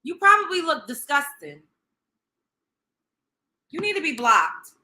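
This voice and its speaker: A woman's voice: high voice, very animated, a little slow, pushed and bright. A woman hosting a livestream, reacting in a profane, sarcastic, emphatic rant. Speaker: livestream host. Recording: roomy echo.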